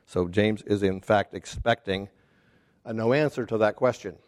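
A man teaching a casual Bible study class, talking haltingly with restarts and putting questions to the group. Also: on the low side, a little mellow. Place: church classroom.

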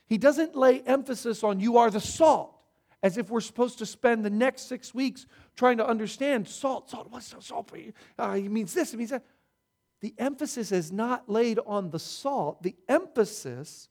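Male pastor, higher voice, emphatic sermon delivery with repeated key words. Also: darkish tone.

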